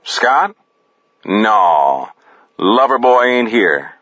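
A man's voice: on the low side, big pitch swings, extremely slow, a bit bright, no room sound, dull audio, full character voice. A man voicing a crude, smug male motel clerk who sneers on the phone.

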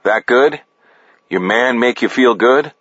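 A man's voice: mid-range voice, takes it slowly, a bit bright, dry recording, pitched above the performer's own voice. A man voicing a smug, self-satisfied male actor with a coaxing manner, in an audiobook. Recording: dull lo-fi audiobook recording.

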